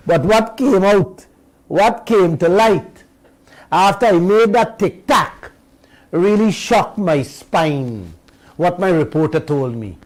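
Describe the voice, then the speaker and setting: A man with a Guyanese accent hosting a radio show, delivering a slow, emphatic political commentary and speaking straight to his listeners. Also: sits high, a little mellow, poor audio.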